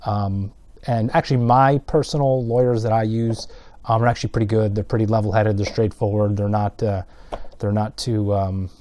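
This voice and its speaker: Rambling, exasperated man with a mellow voice. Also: on the low side, fairly even intonation, normal speed. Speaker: video blogger. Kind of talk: casual ranting monologue.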